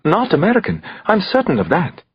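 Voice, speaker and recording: A man's voice: high-pitched, huge pitch swings, brisk, slightly rough, dull audio, pitched above the performer's own voice, full character voice. A man narrating an audiobook voices a frightened young woman in her early twenties, shaky and whimpering. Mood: shaken.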